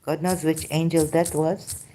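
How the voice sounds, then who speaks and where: Woman lecturer, low mellow voice; halting non-native English, unhurried, reading out verses. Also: level tone, slight background noise. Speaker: religious critic presenting scripture.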